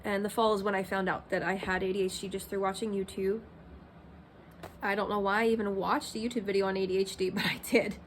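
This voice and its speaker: A woman's voice: mid-range voice, flat delivery, quick pace, a little hiss or hum. A woman in her thirties talking candidly in a personal vlog, rambling with many fillers like "um" and "like". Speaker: Christian vlogger.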